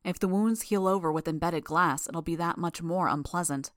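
A woman's voice: lowish voice, moderate pace, no room sound, clean studio sound, natural voice. A woman voicing a blunt, exasperated teenage girl villain in an audiobook reading. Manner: exasperated, matter-of-fact. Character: teenage girl villain who controls bugs, tired and blunt.

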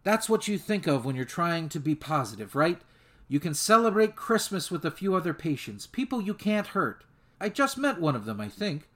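A man voicing a calm female therapist who speaks in a soothing, reassuring way. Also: fairly high pitch, moderate pace, pitched above the performer's own voice.

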